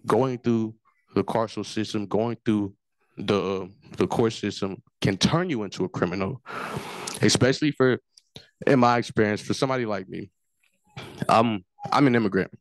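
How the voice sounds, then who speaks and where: Man, from Africa, low voice, earnest personal testimony, repeating himself as he recalls, dry close sound. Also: normal speed, no echo. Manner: earnest, repetitive storytelling. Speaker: forum speaker.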